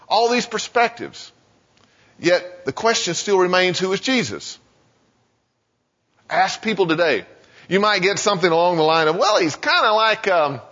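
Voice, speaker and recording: A man preaching a sermon in a casual, conversational way, full of "you know" asides and quick voiced quotes. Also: high voice, a bit bright. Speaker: pastor. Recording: muffled sound with long hall reverb.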